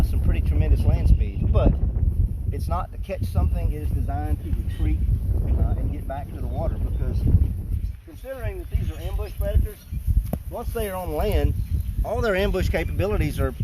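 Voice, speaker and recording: A man keeping alligators, explaining them in a relaxed, joking way during an outdoor feeding demonstration. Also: on the high side. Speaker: alligator park keeper. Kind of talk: casual live animal feeding demonstration. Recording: noisy outdoor recording.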